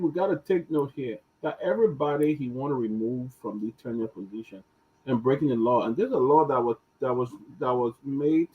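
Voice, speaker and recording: A man's voice: a little high, narrow, tinny audio. A man on a political panel, indignant and firing rhetorical questions. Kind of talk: political talk show commentary. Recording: distant, husky call audio.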